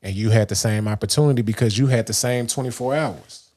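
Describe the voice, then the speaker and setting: A man's voice: on the low side, fairly quick, darkish tone. Man from Dallas giving casual pep talk. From Dallas, Texas. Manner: loose and rambling, many restarts and fillers. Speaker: livestream host. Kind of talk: casual motivational monologue.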